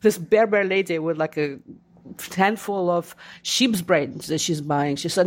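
Lively lady, author guest on an interview show, does little voices for people she quotes. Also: mid-range voice, moderate pace. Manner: animated, acts out quoted voices. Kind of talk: casual interview conversation.

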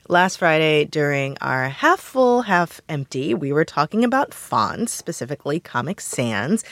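A woman's voice: on the low side, dry recording, clean studio sound. A woman co-hosting a show, chatting casually with lots of fillers. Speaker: co-host. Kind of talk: casual chat.

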